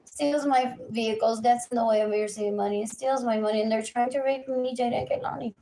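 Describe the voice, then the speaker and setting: A woman's voice: on the high side, fairly even intonation, brisk, gravelly, dark tone. A woman, ranting agitatedly on a live stream, repeating herself in chanted lists and switching languages mid-sentence. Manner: switches between English and Spanish mid-sentence. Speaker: livestreamer. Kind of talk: unscripted live stream rant.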